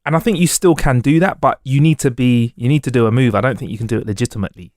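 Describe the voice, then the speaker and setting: A young man co-hosting a podcast in relaxed, chatty banter that often trails into restarts. His pitch is ordinary. The sound is close and dry. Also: racing, dry recording. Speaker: podcast co-host. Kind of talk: casual chat.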